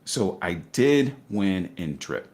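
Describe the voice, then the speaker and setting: Lively storytelling man, low voice. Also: slow. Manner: animated storyteller, acts out voices with laughter. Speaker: guest investor. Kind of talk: casual podcast interview.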